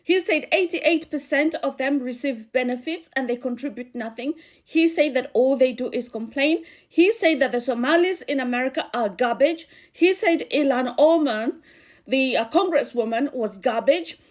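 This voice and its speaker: A woman's voice: high voice, moderate pace. A woman with a Kikuyu accent delivering earnest political commentary as a channel host. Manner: earnest, warning.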